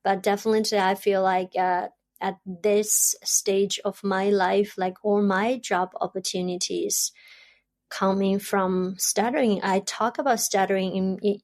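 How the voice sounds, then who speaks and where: A woman from China, speaking English, answers interview questions in a reflective way. She stutters, repeats words and pauses often. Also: mid-range voice, level tone. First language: Chinese. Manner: stutters, soft and thoughtful, with frequent pauses. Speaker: podcast guest, doctoral student.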